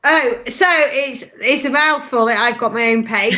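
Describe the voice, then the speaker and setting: A woman's voice: fairly high pitch, unhurried, few pauses, bright, forceful tone, highs cut off. A woman who works as a medium, speaking enthusiastically in casual chat. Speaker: medium and animal communicator. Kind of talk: casual video-call chat.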